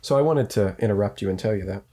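Male priest co-host, low mellow voice, playful podcast banter, measured prayer reading. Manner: playful, reads prayers aloud in a slow measured cadence. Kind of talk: casual religious podcast chat.

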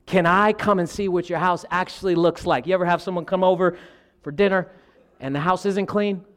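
A man, animated and lively, and calls the congregation "y'all." His voice sits high for a man. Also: brisk. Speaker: pastor. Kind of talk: sermon.

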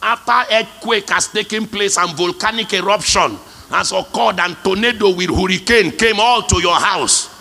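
A man's voice: high-pitched, normal speed, creaky, hardly any pauses, sharp tone. A male pastor preaching a sermon, emphatic, calling out to the congregation for responses. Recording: long hall reverb.

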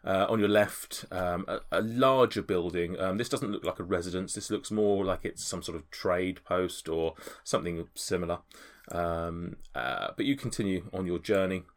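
Male game master, very low voice, halting narration full of ums. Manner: hesitant, many fillers.

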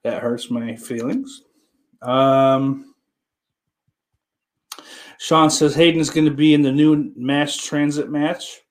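A man's voice: a little high, steady tone, slow pace, pauses often. Profane rambling male streamer. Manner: profane, rambling, teasing viewers. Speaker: livestream host reading chat. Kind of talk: casual live-stream chat.

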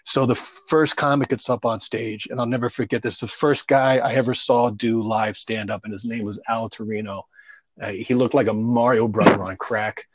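A man's voice: medium pitch, steady tone, moderate pace, no echo. A man who does stand-up comedy, telling stories about his start in a loose, rambling way, full of fillers and casual swearing. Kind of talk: casual storytelling interview.

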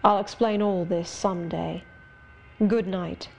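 A woman reading the part of a brooding, sardonic middle-aged gentleman in an audiobook, speaking in a measured, wry, confiding way. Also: lowish voice, fairly even intonation, gravelly, slight background noise. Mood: rueful.

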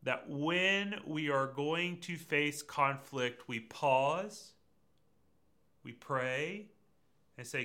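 A man's voice: a little high, drawn-out words. A man preaching a conversational sermon, speaking directly to his listeners. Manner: lively and conversational, addresses congregation directly. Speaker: pastor.

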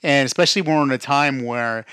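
A man's voice: medium pitch, fast, pushed and bright, smooth, no room sound, studio quality. A man co-hosting a podcast in casual chat, opinionated, steering the topics. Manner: opinionated, leads the topics, keeps asking "you know what I mean". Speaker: podcast co-host.

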